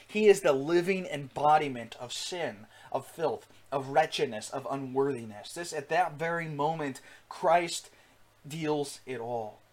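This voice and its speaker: A man's voice: on the high side, a little slow, darkish tone. A man preaching an earnest sermon with rising emphasis, frequent fillers and restarts. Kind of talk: sermon teaching.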